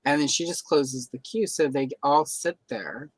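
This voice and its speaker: A man's voice: fairly high pitch, moderate pace, breathy edge, no echo. A man chatting casually on a live stream, telling workplace stories and acting out the voices of the people in them. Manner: animated storyteller who acts out quoted voices. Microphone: live stream microphone.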